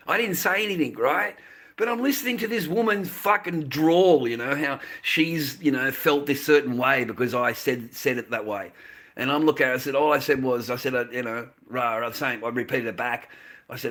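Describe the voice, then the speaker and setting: Male streamer, bright tense voice, rambling profane rant at his desk mic. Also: mid-range voice, fairly quick. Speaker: live streamer. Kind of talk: casual live-stream rant.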